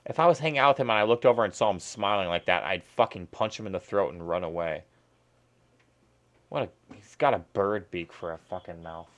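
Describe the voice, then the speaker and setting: A man's voice: low voice, brisk. A man hosting a casual stream, ranting crudely with lots of swearing while watching videos. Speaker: streamer host.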